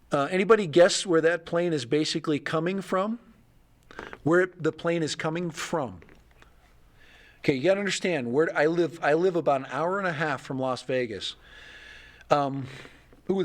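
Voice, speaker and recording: A middle-aged man hosting a casual livestream, rambling and thinking aloud with chuckles. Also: fairly high pitch. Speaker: livestream host.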